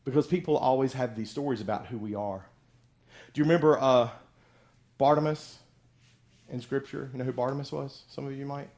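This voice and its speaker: A man's voice: medium pitch, brisk, pauses often, a little mellow. A middle-aged male pastor giving a conversational sermon, acting out the voices of people in the story he tells.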